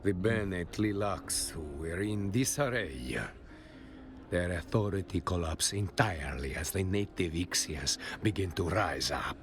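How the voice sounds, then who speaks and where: A battle-worn soldier who now guards a desert bar, telling war stories in a deep, measured voice with an Italian accent. He speaks slowly and heavily, with a faint hum of ambience behind him. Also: full character voice. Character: gruff male veteran soldier turned bar bouncer. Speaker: non-player character in a video game. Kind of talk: video game voice acting.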